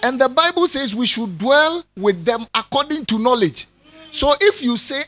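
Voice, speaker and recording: A man, a pastor preaching a sermon in an animated way, joking with his congregation and calling for their responses. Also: very high-pitched, moderate pace.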